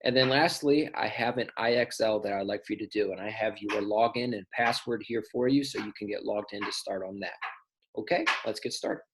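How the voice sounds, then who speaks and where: A man's voice: fairly low pitch, fairly quick, slight background noise, rough recording. A male teacher recording patient, step-by-step instructions for a parent and child in a remote lesson.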